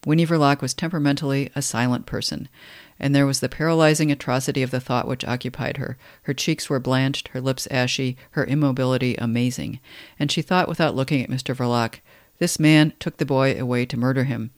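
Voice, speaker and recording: A man's voice: mid-range voice, fairly even intonation, fairly quick, dry recording, studio quality. Wry man commenting on a novel. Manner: wry, conversational commentary between read passages. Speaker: literary commentator.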